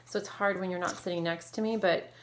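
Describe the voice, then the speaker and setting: A woman teacher leading an online phonics lesson, modeling sounds clearly and slowly and praising her students. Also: lowish voice, fairly even intonation. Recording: echoey room with faint noise.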